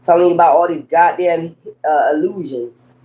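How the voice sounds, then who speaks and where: A woman's voice: deep voice, normal speed, mellow. A woman giving a casual tarot reading in a blunt, profane, scolding way, full of rambling sassy asides. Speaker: tarot reader.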